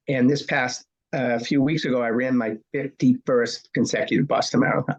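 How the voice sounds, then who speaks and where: Husky punchy man in his sixties. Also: mid-range voice, fairly quick, few pauses, lo-fi sound. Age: 60s. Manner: punchy storyteller who asks and answers his own questions. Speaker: guest. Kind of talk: storytelling interview.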